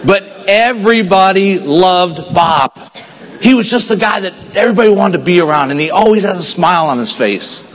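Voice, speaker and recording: A man from Texas giving an earnest motivational stage speech at a sales convention, telling a story and dropping his voice quiet for the sad parts. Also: high-pitched, animated, normal speed, a little hiss or hum. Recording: long hall reverb.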